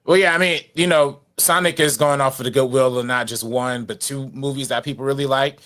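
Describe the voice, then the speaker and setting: A man who is a guest on a casual movie podcast, speaking in a relaxed, slangy way and often saying "you know.". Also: medium pitch, fairly quick.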